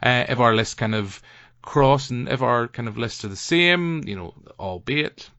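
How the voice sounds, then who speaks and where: A man's voice: medium pitch, measured pace, sharp tone, no room sound. A man with a Northern Irish accent hosting a podcast, bantering and teasing his co-hosts and putting on voices for others. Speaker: podcast host. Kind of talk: casual chat. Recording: dry, muffled lo-fi audio.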